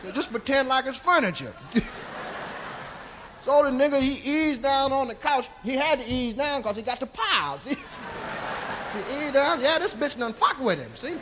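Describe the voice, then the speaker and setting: A comedian playing a crude, rambling old storyteller, telling a long tale with chuckling asides on a live comedy record. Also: male voice, extremely high pitch, animated, unhurried, pauses often, noisy background. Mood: drawling, rowdy. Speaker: stand-up comedian. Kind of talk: stand-up character monologue. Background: audience laughter.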